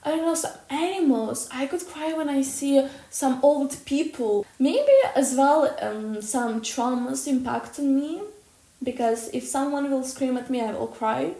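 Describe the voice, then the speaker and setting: Loud, blunt young woman vlogging. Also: sits high, a little slow. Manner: loud, blunt and expressive, swears freely. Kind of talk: personal vlog monologue. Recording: echoey room.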